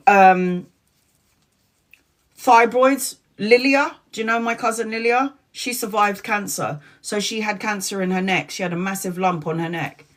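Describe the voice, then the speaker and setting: A woman's voice: medium pitch, a bit bright. Frank, foul-mouthed woman tarot reader chatting live. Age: 40s. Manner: frank and chatty, swears freely; addresses viewers by name. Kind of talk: casual live-stream chat.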